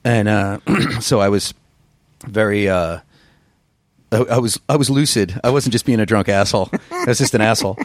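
Casting: low-voiced gruff male rocker, rambling and profane, dry close mic. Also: normal speed, no echo. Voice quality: gruff singer's voice. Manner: rambling, profane, self-deprecating storyteller. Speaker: musician guest. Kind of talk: casual interview chat.

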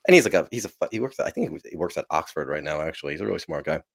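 A man's voice: very deep voice, animated, very fast, creaky, slightly rough, dry recording, studio quality. A man from New Jersey, a podcast guest, telling a long profane story in a rambling, self-interrupting way. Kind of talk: casual storytelling.

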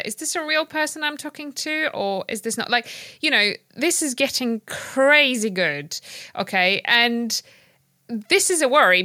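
A woman co-hosting a podcast, talking in an animated, emphatic and skeptical way. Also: fairly high pitch, no echo, clean studio sound. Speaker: podcast co-host. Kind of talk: casual podcast discussion.

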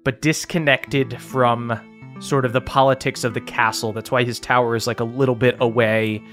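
A man's voice: mid-range voice, normal speed, faint music behind. Laid-back man running a tabletop game. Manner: relaxed, laughs often, many fillers. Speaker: game master.

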